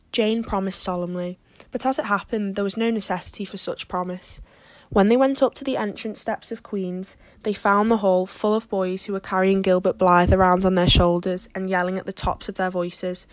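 A woman reading a classic novel aloud as an audiobook narrator, in a steady, measured way. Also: medium pitch, no echo.

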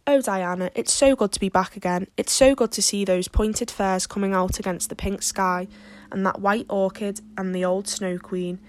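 Earnest, ambitious teenage girl with impassioned, wordy speech, read plainly by a woman, mid pitch. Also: fairly even intonation, moderate pace, a little mellow, dry recording, close to an everyday voice. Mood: joyful.

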